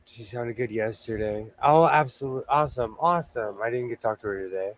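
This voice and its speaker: A man's voice: mid-range voice, fairly quick, slight background noise. An older man hosting a casual livestream chat, talking chattily and laughing easily. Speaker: host.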